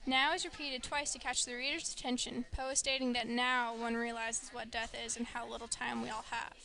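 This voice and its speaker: A woman and student presenter reading a prepared literary analysis aloud with steady delivery. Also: fairly high pitch, a little fast, vocal fry.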